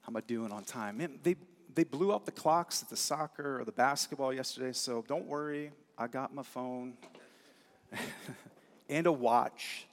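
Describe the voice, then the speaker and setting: Male pastor, earnest conversational sermon, mid-pitched, long hall reverb. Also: a little slow. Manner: conversational, earnest, animated asides. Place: church sanctuary.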